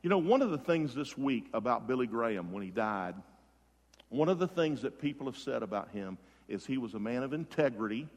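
A man's voice: medium pitch, big pitch swings, a little fast. Male pastor preaching in a reverberant hall. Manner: dramatic swings between loud emphasis and hushed softness; repeats and restarts words for emphasis. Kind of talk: sermon. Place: church sanctuary. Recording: long reverb of a large hall.

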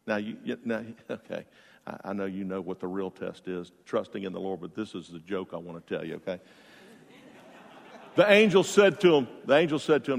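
Preacher in a reverberant hall. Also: male voice, on the low side, moderate pace, creaky. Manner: storytelling, bursts of loud emphasis, drops quiet for a joke. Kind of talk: sermon. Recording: long reverb of a large hall.

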